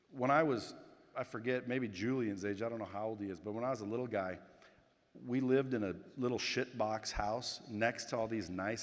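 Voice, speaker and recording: A man giving a motivational keynote speech to a conference crowd, blunt and casual, swearing and addressing the audience directly. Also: fairly low pitch. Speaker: keynote speaker. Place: conference hall stage. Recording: long hall reverb.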